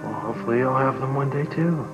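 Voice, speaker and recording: An actor playing a gentle, grieving father who reassures and forgives in a soap opera scene. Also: mid-range voice, fast talker, over music, lightly acted, rough recording. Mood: tender. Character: gentle grieving father comforting an old love. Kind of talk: daytime soap opera acting.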